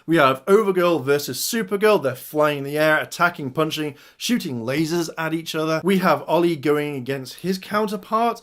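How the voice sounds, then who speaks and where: A man's voice: fairly high pitch, moderate pace, few pauses, fairly bright tone. A man giving an enthusiastic casual review of TV episodes, retelling scenes and addressing his viewers. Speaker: video reviewer.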